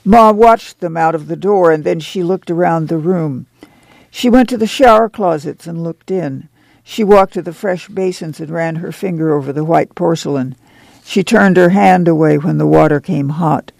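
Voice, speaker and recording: A man narrating a novel in a steady, measured way. His voice is strongly gravelly and dark, sitting a little above the usual male range. The recording is dry and close. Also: a little high, no echo. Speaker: audiobook narrator. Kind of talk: scripted narration.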